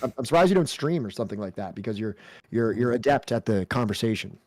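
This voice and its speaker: A man's voice: mid-range voice, expressive, quick pace, a little mellow, no room sound. A man hosting a casual streamed podcast, speaking in a friendly, complimentary and rambling way as he wraps up the talk. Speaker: podcast host.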